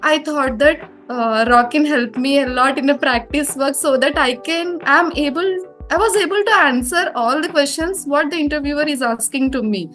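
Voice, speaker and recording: A young woman with an Indian English accent speaks in a high voice, hesitating often with fillers as she answers questions. Soft music plays faintly under her. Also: moderate pace. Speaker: former student interviewed. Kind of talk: casual interview.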